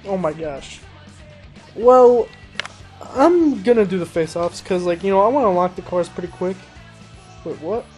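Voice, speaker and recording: A man's voice: sits high, brisk, rough recording. Chatty young man over racing game music. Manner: rambling, self-mocking, easily excited exclamations. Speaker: gameplay commentator. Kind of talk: casual let's-play commentary. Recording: game music and engine noise behind. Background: racing game music and car sounds.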